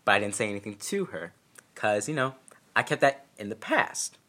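Young man, bright tone, storytime vlog, blunt and self-deprecating. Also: on the low side, sing-song, normal speed, a little hiss or hum. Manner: candid, profane, self-mocking humor. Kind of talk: casual storytime.

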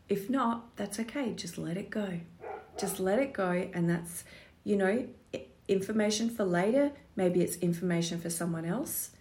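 A woman giving a casual spiritual coaching talk to her viewers. She is affectionate and encouraging, uses pet names for them, and keeps checking in with "right?" and "okay?". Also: medium pitch. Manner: loose and chatty, with frequent check-ins like right and okay. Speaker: human design coach.

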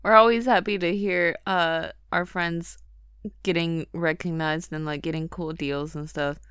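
A woman's voice: fairly low pitch, fairly even intonation, a little slow, fairly bright tone, clear, resonant tone, no echo. A woman hosting a podcast in a friendly, casual way, with some hesitant fillers. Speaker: podcast host. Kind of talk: casual chat.

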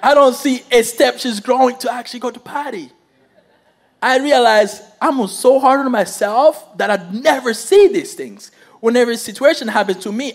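A man preaches with a high voice that leaps up and down, telling a story straight to the congregation. He laughs easily as he talks and keeps asking the room for answers. The delivery is animated and sermon-like.

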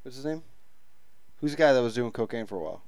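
A man co-hosting a casual podcast, trading loose and crude banter with his partner. His voice sits at an ordinary middle pitch and stays relaxed and conversational. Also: fast talker, no echo. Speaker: podcast co-host. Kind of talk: casual comedic chat.

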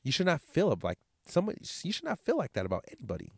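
A man's voice: a little high, huge pitch swings, rapid-fire, creaky, slightly rough, no room sound, clean studio sound. A man with a stuffed-up nose from a cold, hosting his podcast in a rambling, profane, candid way. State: congested, nasal from a cold. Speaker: podcast host. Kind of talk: casual solo podcast monologue.

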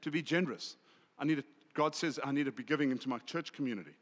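A South African man preaching a sermon, swinging from loud emphasis to hushed asides. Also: mid-range voice, fast talker, big-room sound. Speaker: pastor.

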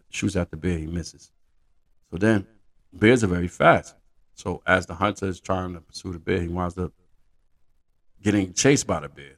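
A man hosts a podcast and talks through a casual, profane monologue. He tells stories in an animated way. His voice is low and gravelly. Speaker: podcast host.

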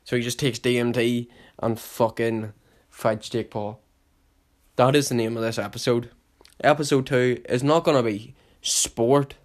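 A man's voice: medium pitch, steady tone, a little slow. Rambling young man. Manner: rambling, heavy swearing, loud hype bursts. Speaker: podcast host. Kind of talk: casual solo podcast chat.

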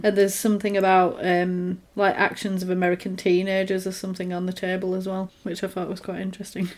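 A woman's voice: mid-range voice, monotone, quick pace, a little mellow. A woman chatting casually, recapping film scenes and acting out the characters' lines.

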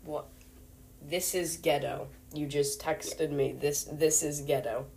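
A woman's voice: deep voice, steady tone, slow, creaky, darkish tone. A young woman hosting a homemade mock news show, rambling and hesitant, full of fillers. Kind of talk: playful mock newscast.

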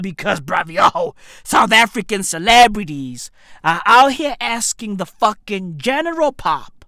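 Bright-voiced man on a profane comic rant. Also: high-pitched, sing-song, unhurried, vocal fry. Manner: rambling, repetitive, swears constantly, keeps saying "bruv".

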